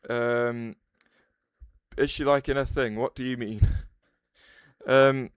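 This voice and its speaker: A man streaming live and chatting loosely with his viewers, often breaking off mid-sentence to start over. His voice is smooth and clean, and it is recorded dry and close with no room sound. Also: medium pitch, steady tone, slow pace, dry recording. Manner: rambling, restarts sentences, answers chat aloud. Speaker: livestreamer. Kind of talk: casual livestream chat.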